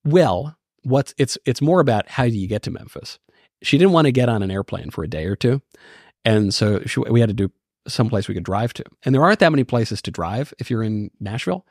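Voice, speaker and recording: A man's voice: mid-range voice, expressive, a little mellow, no echo, clean studio sound. A man talking as a guest on a podcast, joking wryly and speaking his mind in casual conversation. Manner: wry, quick to joke.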